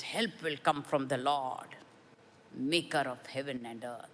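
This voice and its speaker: A woman preaching a sermon with a personal testimony, earnest and measured, with emphatic rises. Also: very deep voice, in a large hall. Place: church.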